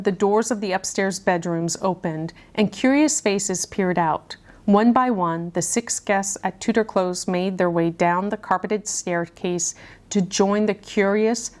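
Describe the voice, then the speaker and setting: A woman reading a murder mystery story aloud, narrating with dramatic storytelling. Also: mid-range voice. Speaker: puzzle channel host.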